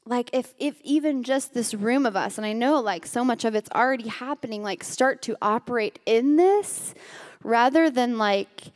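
High-voiced woman preaching in a hall. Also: normal speed. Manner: casual, filled with "like", addresses the room directly. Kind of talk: conversational sermon. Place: room with a gathered group.

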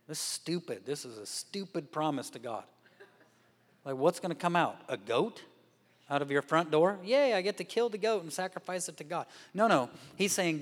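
Man, guest preacher, sermon, animated storytelling, acts out voices, slightly high voice, church hall reverb. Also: brisk. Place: church sanctuary.

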